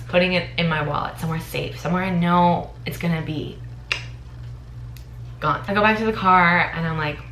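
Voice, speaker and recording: A young American woman in her twenties vlogging, telling a story with animated, dramatic energy. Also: on the low side, brisk, a little hiss or hum. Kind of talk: casual storytime vlog. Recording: echoey room.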